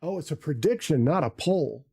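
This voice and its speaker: A man's voice: a little high, expressive, moderate pace, darkish tone, husky. A man live-streaming from a home desk setup, muttering to himself as he fumbles through settings, often trailing off. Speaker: livestreamer. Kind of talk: casual live-stream chat. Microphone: desk mic on an arm.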